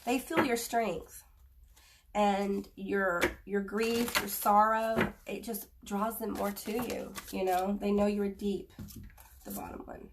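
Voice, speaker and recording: A woman giving a spoken tarot reading to viewers, earnest and halting, offering gentle reassurance. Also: mid-range voice, steady tone, far from the mic, noisy background. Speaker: tarot reader.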